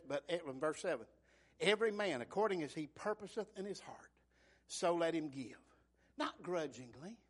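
A man preaching a fervent sermon, surging loud and then dropping soft. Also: a little high.

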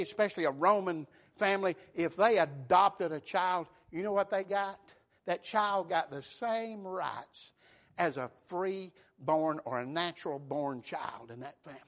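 Male preacher, high and ringing, call-and-response sermon delivery with shouted peaks. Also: lively intonation, unhurried.

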